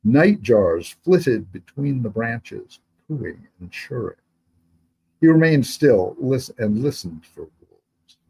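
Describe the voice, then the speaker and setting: A man reads his own historical fantasy novel aloud as narrator, steady and measured. His voice is mellow and dark, with a husky edge. He keeps an even middle pitch throughout. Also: low-quality recording. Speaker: author.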